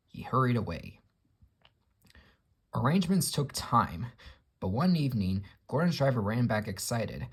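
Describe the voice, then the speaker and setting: A man reading a children's railway story aloud with expressive storybook delivery. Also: medium pitch, a little slow, long pauses, breathy edge.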